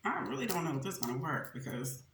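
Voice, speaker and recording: A woman's voice: low-pitched, fast talker. A young woman hosting a mukbang, chatting casually as she eats and laughing often. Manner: chatty and animated, laughs often, addresses viewers as y'all. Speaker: mukbang host. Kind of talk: casual chat while eating on camera. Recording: echoey room with faint noise.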